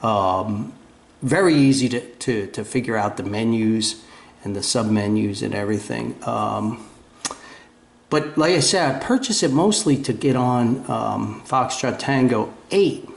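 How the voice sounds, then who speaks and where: A man's voice: mid-range voice, expressive, unhurried, gravelly. Rambling New Jersey man in an echoey room. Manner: rambling and self-deprecating, with fillers and restarts. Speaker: ham radio video host. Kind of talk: casual show-and-tell chat. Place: home radio room.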